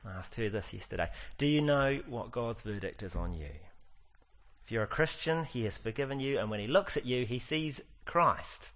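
A man preaching a sermon, earnest and slowing right down on the lines he wants to stress. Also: mid-range voice, lively intonation, fairly bright tone. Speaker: pastor.

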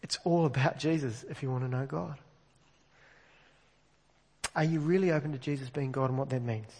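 A man's voice: medium pitch, moderate pace, darkish tone. Man preaching in a reverberant church. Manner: conversational, asks the congregation direct questions. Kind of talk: sermon. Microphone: amplified microphone. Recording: long reverb of a large hall.

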